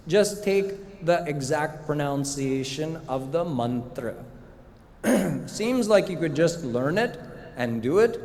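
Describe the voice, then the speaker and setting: A middle-aged man giving a devotional lecture as a spiritual teacher, explaining slowly and deliberately with rhetorical questions. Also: on the high side, a little mellow, slight background noise. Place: large hall at a live retreat. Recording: long hall reverb, faint room ambience.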